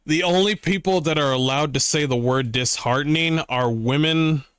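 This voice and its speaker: A man streaming from his room, giving excitable, profane reaction commentary and mocking people with voices. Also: fairly high pitch, normal speed, clear, resonant tone, dry recording, clean studio sound. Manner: excitable, swears often, mocks with voices.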